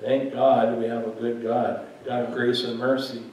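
A man's voice: mid-range voice, little pitch movement, normal speed, a little mellow, lo-fi sound, a little hiss or hum. A male pastor preaching a sermon in a conversational way, joking with his congregation in a church hall. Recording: very echoey hall, mic far off.

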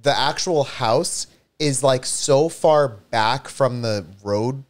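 A man's voice: medium pitch, slow. A man co-hosting a casual livestream chat, joking and teasing, often losing his train of thought. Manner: teasing, jokey, trails off mid-thought. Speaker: co-host.

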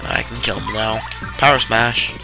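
A man's voice: fairly low pitch, normal speed, vocal fry. Sarcastic young man narrating gameplay. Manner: sarcastic, swears freely, tired deadpan. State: tired. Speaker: let's play commentator. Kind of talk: casual gameplay commentary. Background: game music.

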